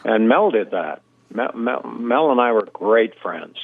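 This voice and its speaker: An older man from Canada spins relaxed anecdotes, full of ums and uhs, at an ordinary middle pitch. His voice comes through a dry, tinny, phone-like line. He speaks as a guest in an interview. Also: unhurried, gravelly, dry recording. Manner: anecdotal, relaxed storyteller with many fillers. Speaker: guest impressionist. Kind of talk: storytelling interview.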